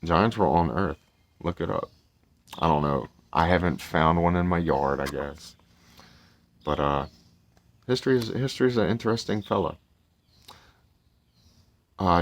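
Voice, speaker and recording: A deep-voiced man reads a children's storybook aloud in a casual way, breaking off into rambling, chatty asides. His voice swings widely in pitch, and he often corrects himself as he goes. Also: lively intonation, moderate pace, long pauses.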